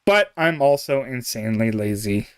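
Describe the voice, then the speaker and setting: A man's voice: mid-range voice, animated, moderate pace, smooth, dry recording, clean studio sound. A young man chatting casually on a game live stream, rambling, chuckling often and trailing off mid-thought. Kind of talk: casual live-stream chat while playing.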